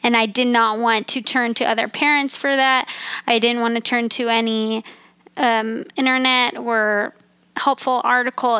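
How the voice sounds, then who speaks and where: A woman's voice: a little high, bright, forceful tone, clean tone, no echo. A woman in her thirties hosting a personal faith podcast, talking in an earnest, heartfelt, chatty way. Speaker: podcast host.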